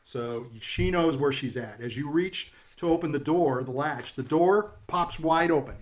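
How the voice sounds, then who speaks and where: A man narrating as game master of a tabletop role-play game, describing scenes in a relaxed way and chuckling often. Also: fairly high pitch, unhurried.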